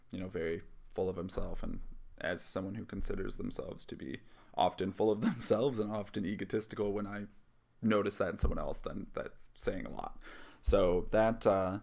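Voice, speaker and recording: Deep gravelly-voiced man telling a story. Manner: rambling, many fillers and asides. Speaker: vlogger. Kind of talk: casual first-person storytelling.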